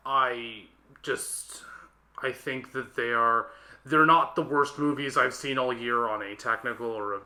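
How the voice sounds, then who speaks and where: A young man co-hosting a casual film podcast, blunt and profane. His voice is bright and forceful, and now and then it jumps up in loud, emphatic bursts. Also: mid-range voice, measured pace. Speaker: podcast co-host. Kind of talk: casual film review chat.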